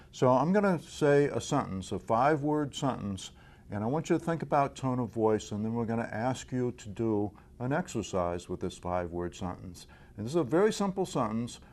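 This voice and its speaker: Man giving a clear coaching lesson. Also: on the low side, a little mellow. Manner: clear, deliberate instructional delivery. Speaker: presenter of a communication tips series. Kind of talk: direct-to-camera coaching lesson.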